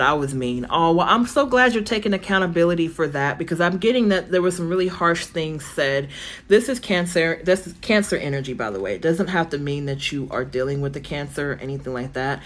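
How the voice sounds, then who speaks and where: Chatty woman reading tarot, voice going hoarse. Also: low-pitched. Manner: chatty, reassuring, thinks aloud with many fillers. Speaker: tarot reader. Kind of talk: live-stream tarot reading. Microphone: phone.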